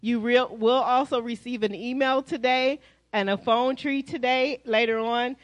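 American woman pastor, higher voice, dry close sound, chatty announcements to the congregation. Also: unhurried, dry recording, poor audio. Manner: lively, chatty, addresses congregation as y'all. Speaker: pastor giving church announcements. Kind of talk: church announcements. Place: church sanctuary.

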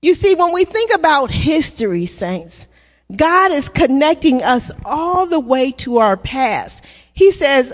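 A woman preacher giving a sermon in a church, using call-and-response and drawn-out, emphatic phrasing. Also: sits high, big pitch swings. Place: church sanctuary. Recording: long reverb of a hall.

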